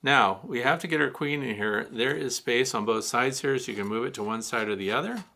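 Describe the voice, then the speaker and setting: A man's voice: mid-range voice, fairly quick, vocal fry, pushed and bright. A man hosting a beekeeping Q&A, giving a blunt, teasing hands-on demonstration of gear. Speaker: beekeeping show host.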